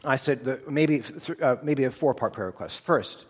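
A man's voice: medium pitch, moderate pace, few pauses, slightly rough. Guy in his 30s telling a faith story, casual and earnest, lots of hall echo. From United States. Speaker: theology student. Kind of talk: personal testimony talk. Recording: long hall reverb.

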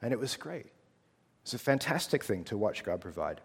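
A man's voice: medium pitch, very animated, normal speed, breathy edge. A man in his thirties from the United States, a theology student telling a personal testimony in an earnest, casual storytelling way. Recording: long hall reverb.

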